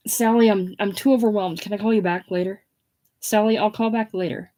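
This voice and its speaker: Woman reading a faded aging actress, gushing, dramatic, warm tone. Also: fairly low pitch, takes it slowly. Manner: breathless, theatrical, gushing. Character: faded aging female film star, dramatic, self-absorbed. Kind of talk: casual play reading.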